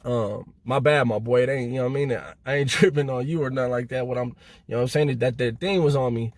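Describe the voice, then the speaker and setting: A middle-aged man from Southern California casually telling stories to camera in loose street slang, getting animated as he reenacts moments. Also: mid-range voice, fast talker, dry recording. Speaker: channel host telling prison stories.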